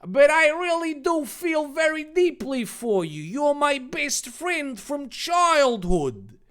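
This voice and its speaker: A young hero who is overwrought and dramatic, yet somehow always sounds sarcastic, as a man puts him on. The voice is pitched high, with wide swings. Each line is drawn out slowly. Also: big pitch swings, fairly bright tone, heavily acted. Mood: melodramatic. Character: young male hero trainer, melodramatic, flatly sarcastic.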